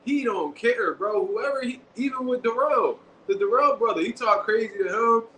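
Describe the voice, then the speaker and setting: A boxing show host riffs through casual commentary in quick slang and animated bursts, acting out quotes. His voice is high and bright, ringing in an echoey room over a faint hiss.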